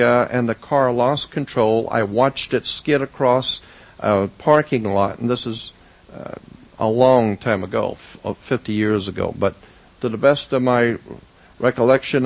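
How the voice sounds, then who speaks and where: A man in his fifties telling a story from his own past, earnest and halting, with pauses and restarts. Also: mid-range voice, no echo, rough recording. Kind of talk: personal storytelling.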